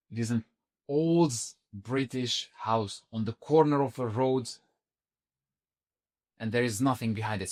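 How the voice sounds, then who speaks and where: A man of middle pitch telling his own story on a podcast. His delivery is animated and a little halting, with restarts mid-sentence and sudden jumps up in pitch when he acts out what people said. It sounds like casual talk. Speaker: podcast guest.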